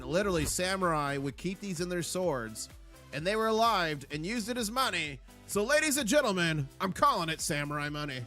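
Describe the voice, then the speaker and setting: A man hosting a casual livestream, upbeat and chatty as he gives shout-outs to viewers. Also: high voice. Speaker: livestream host. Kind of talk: casual live chat.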